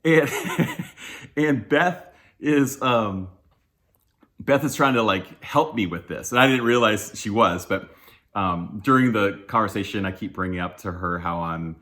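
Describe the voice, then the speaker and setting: Male church speaker, slightly low voice, loose and candid sermon delivery with frequent chuckles. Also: unhurried, fairly bright tone. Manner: candid, self-deprecating, chuckles often; loose with many fillers and restarts. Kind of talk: conversational sermon.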